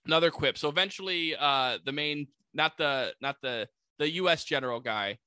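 A man casually recapping a movie plot, animated and full of "like" fillers, jumping into quick voices for the characters. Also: fairly high pitch, clean tone, dry recording. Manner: many "like" fillers.

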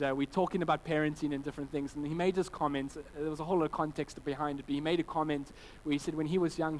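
A pastor in his thirties, his voice a little higher than most men's, gives a conversational sermon full of family stories told with animated quoted voices. He stumbles through restarts, and the low-quality recording carries a faint hum of background noise.

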